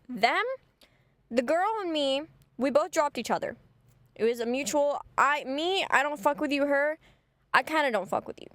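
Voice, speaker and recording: Young woman vlogger, casual storytime, slightly high voice, chatty delivery, dry close sound. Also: fairly bright tone, dry recording. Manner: chatty, gossipy, full of "like".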